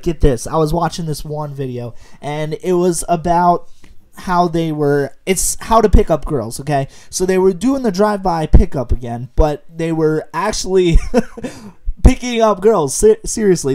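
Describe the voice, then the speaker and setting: A man's voice: high voice, a little mellow. A young man, a gaming YouTuber, chatting casually and rambling, with frequent laughs and jokes. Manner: rambling, laughing often, joking. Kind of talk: casual commentary over gameplay.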